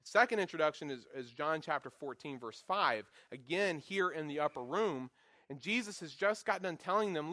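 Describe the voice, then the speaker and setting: Male Bible teacher, slightly high voice, playful lecturing with acted-out quotes. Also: normal speed, no echo, studio quality. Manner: animated, acts out quotes with voices; jokey, self-deprecating asides.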